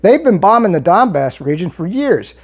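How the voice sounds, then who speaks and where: A man answers his viewers in a heated, argumentative monologue. His pitch swings up and down animatedly, and he often stumbles and restarts mid-sentence. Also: big pitch swings, moderate pace, breathy edge, highs cut off. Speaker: political commentary vlogger. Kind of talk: monologue reading and replying to viewer comments.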